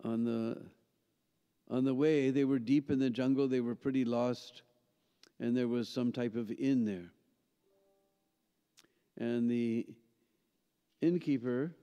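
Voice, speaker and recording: Guy telling a story at a seminar, keeps going "hmm?", mellow voice, big echoey hall. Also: mid-range voice, smooth. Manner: animated storyteller, frequent "hmm?" and "huh?" checks to listeners. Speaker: seminar speaker. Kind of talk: storytelling lecture. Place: temple hall. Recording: dull sound with long hall reverb.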